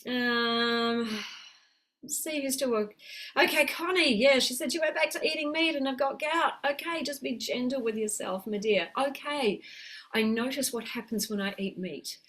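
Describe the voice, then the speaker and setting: A middle-aged woman, coaching viewers gently in a live stream and reading their comments aloud. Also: high-pitched, moderate pace. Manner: warm, encouraging, reads viewer comments aloud. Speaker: health coach. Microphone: webcam mic on a video call.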